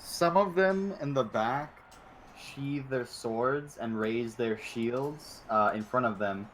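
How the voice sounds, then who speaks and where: A man runs a tabletop game as game master, describing the scene and calling for rolls. He talks at an ordinary pitch, stumbling through fillers and self-corrections. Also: takes it slowly, fairly bright tone, a little hiss or hum, poor audio.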